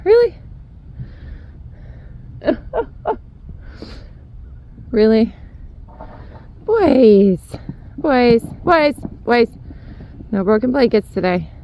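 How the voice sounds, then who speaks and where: A woman's voice: on the high side, expressive, drawn-out words, pauses often, dark tone. A young woman vlogging at her barn, chatting and baby-talking to her horses and cat as she works. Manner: chatty, talks to the animals in baby-talk. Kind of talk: casual vlog chat with horses. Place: outdoor barn and paddocks.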